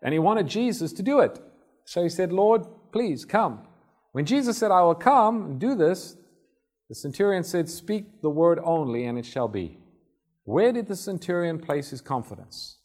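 Male preacher, relaxed storytelling sermon delivery, acts out scenes. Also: fairly high pitch, normal speed. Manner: conversational, acts out Bible scenes.

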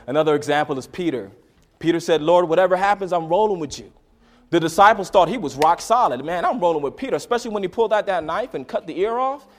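A man preaching a sermon, swinging between quiet, intimate lines and loud, dramatic bursts as he acts out a story. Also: on the high side. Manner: dramatic swings from soft to loud, acting out voices.

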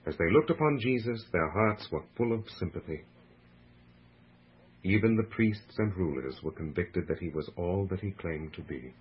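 A man narrating a religious book with a slow, measured, solemn delivery, heard on a muffled lo-fi radio recording. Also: low voice, animated, husky.

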